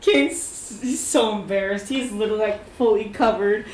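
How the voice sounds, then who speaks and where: A woman telling her character's scene in a tabletop role-play game, animated and laughing often. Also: mid-range voice, normal speed, slight background noise. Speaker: player narrating her character. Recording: echoey room with faint ambience.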